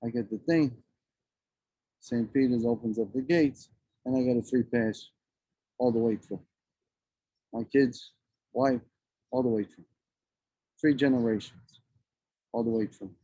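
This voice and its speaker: A man's voice: medium pitch, unhurried, pauses often, warm tone, husky, dry recording, poor audio. A man in his forties, a guest talking outdoors with blunt, profane passion. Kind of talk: emotional casual conversation. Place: outdoors among trees and birds.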